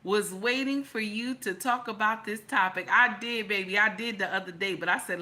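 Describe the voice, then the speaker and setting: A woman's voice: mid-range voice, normal speed, pushed and bright. A middle-aged woman hosting an opinionated livestream, blunt, profane and preachy, greeting her chat as she talks. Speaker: livestream host.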